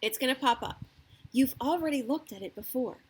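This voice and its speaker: A woman's voice: high-pitched, lively intonation, fairly quick, husky. A woman giving casual parenting advice, checking in with her listeners with frequent "okay?" and "right?". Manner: acts out the parent's lines in a lifted voice. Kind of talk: casual advice talk to camera.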